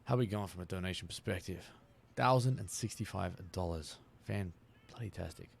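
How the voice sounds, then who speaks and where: A man's voice: sits low, brisk, vocal fry, breathy edge. A man, chatting casually on a live stream while he plays, often laughing and repeating words.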